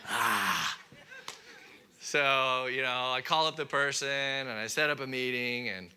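A man preaching a sermon in an animated way, acting out his listeners' objections in a raised voice and dropping quiet on key points. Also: mid-range voice, unhurried. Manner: drops to a quiet, soft delivery on key points. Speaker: pastor.

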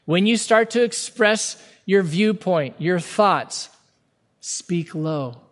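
A man preaching a sermon as pastor, earnest and emphatic, stretching key words slowly for weight. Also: sits high, fairly bright tone. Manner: earnest, emphatic preaching with sudden slow-downs. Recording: long hall reverb.

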